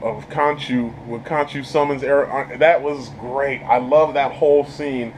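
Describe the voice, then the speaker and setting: A man's voice: mid-range voice, fairly even intonation, a little slow, a little hiss or hum, poor audio. A man giving a casual, enthusiastic spoken review of a TV episode, rambling and laughing often. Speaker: YouTube show reviewer.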